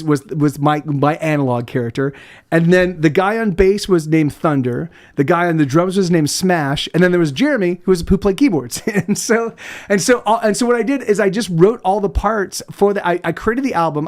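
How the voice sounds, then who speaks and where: A man chatting casually on his livestream as a musician, rambling and swearing with many restarts. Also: sits high. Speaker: musician streamer.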